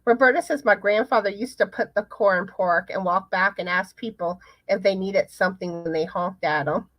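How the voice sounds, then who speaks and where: A woman hosting a casual live chat, reading viewer comments aloud in an unhurried way. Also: medium pitch, no echo. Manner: chatty, unhurried, pauses to read comments. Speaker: livestream host. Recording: slightly muffled, dry sound.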